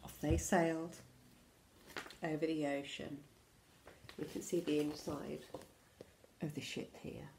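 Woman teacher, storybook read-aloud, slow, gravelly, hushed asides. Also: low-pitched, level tone, a little hiss or hum. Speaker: infant school teacher. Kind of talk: reading a picture book to children.

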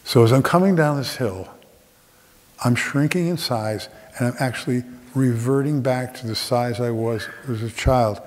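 A man's voice: medium pitch, moderate pace. A middle-aged man performing a reflective storytelling monologue on a theater stage, with dramatic shifts of tempo. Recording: theater with long reverb.

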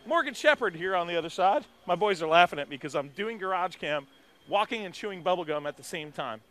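A man hosting a live walk-around in an outdoor race garage, talking into a handheld mic in an energetic, rambling way. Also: high-pitched, slight background noise. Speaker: garage reporter host. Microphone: handheld microphone.

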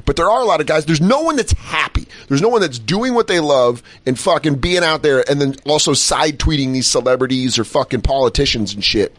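A fairly high-voiced man talking fast and loose on a podcast, swearing freely. He jumps into other people's voices as he tells stories, and his pitch climbs when he quotes them. The sound is dry and close, with no room around it. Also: no room sound. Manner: animated, profane, acts out quotes in a raised voice. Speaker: podcast co-host. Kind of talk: casual chat.

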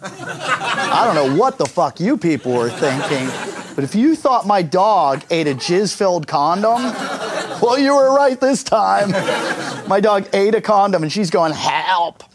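A man's voice: high voice, sing-song, unhurried, background noise. Crude, wry male stand-up comedian. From United States. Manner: crude, self-mocking storytelling with acted-out quotes. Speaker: stand-up comedian and show host. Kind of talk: stand-up routine mixed with casual vlog tour.

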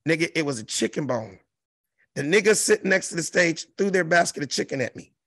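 Brief: comedian in his fifties from South Central LA, animated and profane storyteller, high and gravelly, dry close sound. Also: fairly quick, no room sound. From South Central Los Angeles. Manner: profane, animated, acts out the other voices. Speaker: comedian guest.

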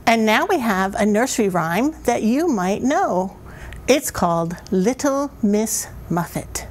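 A woman librarian reading picture books aloud to small children at story time, slow and expressive. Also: medium pitch, a little hiss or hum.

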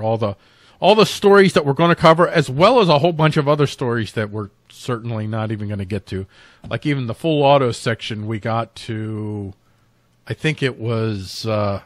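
A man's voice: medium pitch, dry recording, studio quality. A man co-hosting a casual political talk show, reading news aloud and joking about it. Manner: joking, reads news aloud then riffs with shouted mock voices. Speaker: co-host.

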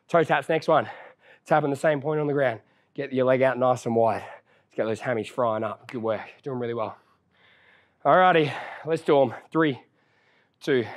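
A young man leading a follow-along workout, encouraging and counting down reps while he exercises and gets out of breath. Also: mid-range voice. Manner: upbeat encouraging, counts reps down, casual banter. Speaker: fitness trainer.

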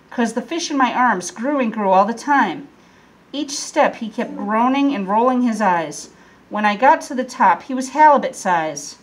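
A teacher reading a rhyming storybook to children, with an expressive, lilting delivery. Her voice sits a little on the high side for a woman. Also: rough recording. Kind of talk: storybook read-aloud.

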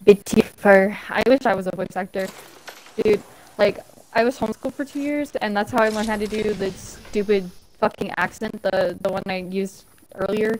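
A woman's voice: mid-range voice, steady tone, moderate pace, a little hiss or hum, low-quality recording. A young adult woman streaming a game, chatting casually in a giggly, rambling way and swearing freely. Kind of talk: casual gaming chat.

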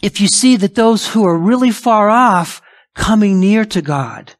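A man's voice: sits high, animated, measured pace. A male pastor preaching a sermon emphatically, asking rhetorical questions and acting out imagined objections. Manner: acts out imagined objections in a raised voice.

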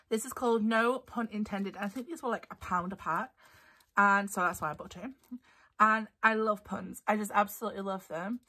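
A woman's voice: mid-range voice, bright, forceful tone. A woman chatting casually through a craft haul, bubbly and giggly, her voice a little tired. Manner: bubbly and giggly, gushing over papers. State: voice getting tired. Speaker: craft vlogger.

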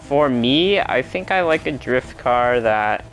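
A gaming channel host giving live gameplay commentary, talking to themself and the game and exclaiming loudly at every crash. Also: mid-range voice, slow pace. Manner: excitable, yelps and exclaims at crashes; talks to self and to the game.

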